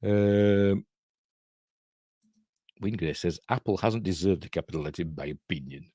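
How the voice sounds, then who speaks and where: A man's voice: deep voice, a little slow, warm tone, slightly rough, no room sound, clean studio sound. A middle-aged man with a Yorkshire accent, rambling through a casual film breakdown and answering viewers' chat. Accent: Yorkshire English. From Yorkshire, England. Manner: rambling, chatty, reads and answers live chat. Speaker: host.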